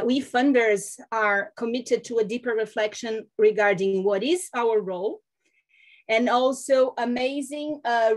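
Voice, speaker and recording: A woman from Brazil, presenting over a video call in a webinar. She speaks earnestly, with frequent fillers. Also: mid-range voice. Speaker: foundation communications lead.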